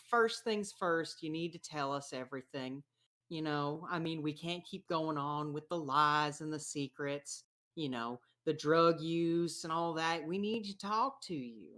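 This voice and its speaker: A woman playing a prim, sugary mother figure in a tabletop game, sweet and hesitant, flustered by swearing. The voice sits low for a woman. Fussy and careful, she trails off into fillers. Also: fairly bright tone. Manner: sweet, hesitant, fussy about bad language.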